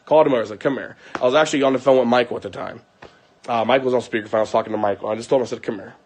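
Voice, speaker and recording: Speaking very fast in a medium-pitched, slightly mellow, fairly even voice, the young vlogger rants to his audience about the household argument. He swears heatedly and acts out what each person said, with a bit of hiss or hum in the background.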